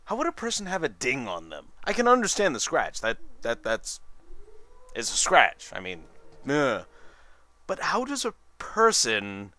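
A man's voice: medium pitch, wildly swooping pitch, a little slow, bright, forceful tone, dry recording. A tired man doing rambling, sarcastic commentary over a video game. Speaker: let's play commentator.

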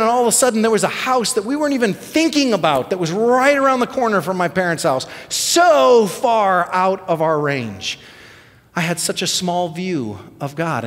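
A middle-aged male pastor telling a story in a sermon, animated and self-deprecating. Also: sits high, big-room sound. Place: church sanctuary.

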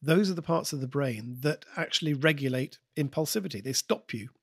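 A British man, a guest comedian and impressionist, chatting on a podcast in an animated, digressive storytelling manner. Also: a little high, brisk, slightly rough, dry recording, studio quality. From United Kingdom. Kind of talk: podcast conversation.

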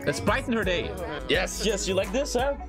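A young man streaming a life-simulation game and giving loud, crude commentary to his chat, swinging from shouts to low mumbled asides. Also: sing-song, normal speed, gravelly. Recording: game music underneath.

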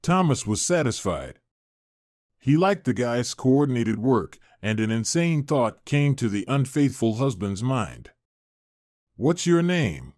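A man reading a scripted story as narrator in a steady storytelling manner. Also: medium pitch, measured pace, dry recording, clean studio sound.

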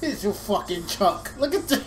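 A woman giving live gameplay commentary, excitable and profane, yelling at her teammates, recorded on a desktop USB microphone. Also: mid-range voice, slight background noise. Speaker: gamer.

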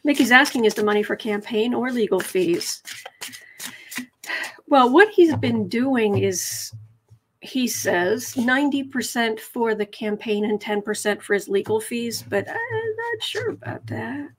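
A woman's voice: fairly high pitch, measured pace, slight background noise. A woman hosting a casual tarot livestream, reading viewer comments aloud and chatting in a rambling, self-correcting way.

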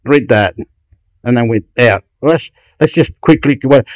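A man rambling excitedly about websites in a vlog, loud, profane and repetitive. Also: mid-range voice, measured pace, no room sound, rough recording. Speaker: YouTube vlogger. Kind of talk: excited rambling screen commentary.

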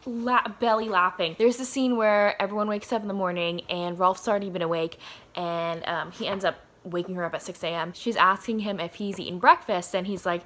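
A woman's voice: medium pitch, steady tone, a little fast, fairly bright tone. A woman in her early twenties, chatting casually outdoors about a book she is reading, giggly and full of "like". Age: early 20s. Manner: chatty, giggly, heavy use of "like". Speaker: book vlogger. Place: outdoors in sunlight.

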